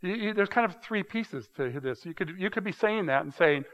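A man teaching a casual Bible study in a conversational, halting way, often restarting and repeating words. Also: high voice, lively intonation, a bit bright. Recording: dull sound with long hall reverb.

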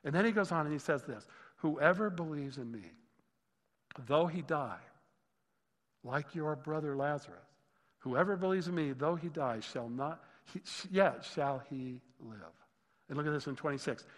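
A man preaching a sermon with a fairly high voice, expressive and exclaiming, dropping to near-hushed asides and then rising again. The sound carries a long reverb, as in a church sanctuary. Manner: expressive, exclaiming, swings between loud and hushed. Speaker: pastor.

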